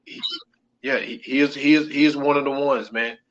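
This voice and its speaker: A man's voice: medium pitch, fairly even intonation, moderate pace, a bit bright, lo-fi sound, slight background noise. A man co-hosting a podcast in casual chat, loose and repetitive, leaning on "man" between phrases. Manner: loose, repeats himself, keeps saying "man". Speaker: podcast co-host.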